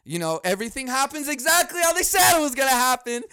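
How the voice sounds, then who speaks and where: A man hosting a casual solo podcast, ranting and swearing freely, jumping between mock outrage, laughter and low muttered asides. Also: big pitch swings, fast, sharp tone, no room sound. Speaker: podcast host.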